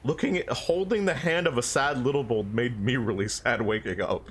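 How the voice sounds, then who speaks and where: A man's voice: mid-range voice, moderate pace, a little hiss or hum. A young man telling a story about his dream in a rambling, laughing way, swearing often. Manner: rambling, swears a lot, laughs between lines. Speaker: streamer.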